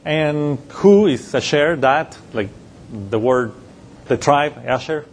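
A man's voice: on the high side, slow. A man preaching a conversational Bible-teaching sermon, often restarting phrases and chuckling as he explains. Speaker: pastor.

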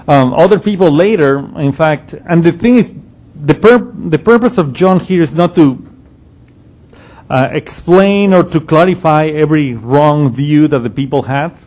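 A man's voice: fairly high pitch, measured pace, a little mellow. A man teaching through a Bible passage in a conversational, explanatory way. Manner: conversational, explanatory, with frequent restarts and ums.

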